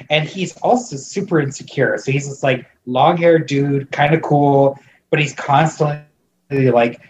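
A man's voice: fairly high pitch, normal speed, a little hiss or hum, low-quality recording. A man recapping a movie in casual chat, rambling with lots of fillers and restarts, amused and disbelieving. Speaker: podcast co-host recapping a movie.

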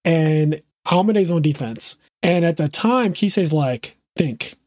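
A man's voice: fairly high pitch, lively intonation, a little slow, a little mellow, no echo, clean studio sound. A man co-hosting a podcast in casual chat, enthusiastic and explaining the plot in detail. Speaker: podcast co-host.

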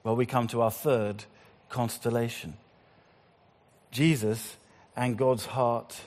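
A man preaching a sermon, swinging between loud appeals and hushed, slow passages. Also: mid-range voice, steady tone. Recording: long hall reverb.

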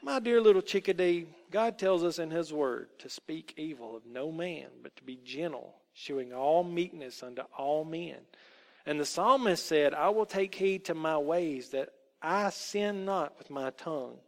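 A man voicing a middle-aged Christian aunt who speaks softly but sternly, gently lecturing a child. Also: on the high side, animated, measured pace. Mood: gently scolding. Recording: long hall reverb.

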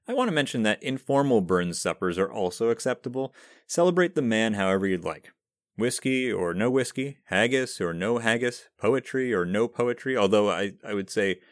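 A man's voice: on the low side, no room sound, clean studio sound. A man hosting a podcast, reading a scripted explainer in a conversational, self-deprecating way. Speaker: podcast host.

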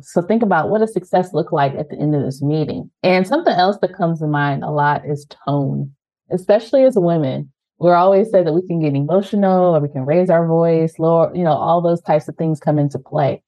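A woman's voice: fairly low pitch, dry recording, highs cut off. A woman co-hosting a podcast, coaching listeners on how to speak up in meetings with earnest rhetorical questions. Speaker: podcast co-host. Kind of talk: conversational advice podcast.

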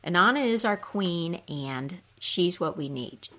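A woman voicing tiny, sympathetic fairy-like creatures that echo a queen's cries in a slow lament. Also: fairly low pitch, animated, sharp tone, exaggerated voice. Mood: polite.

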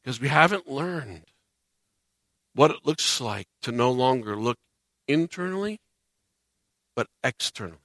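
Male pastor, sermon delivery, bright tense tone, dramatic swings in volume, acts out voices. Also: medium pitch, a little slow, long pauses, no room sound. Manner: animated preaching, acts out quoted voices, swings loud and soft.

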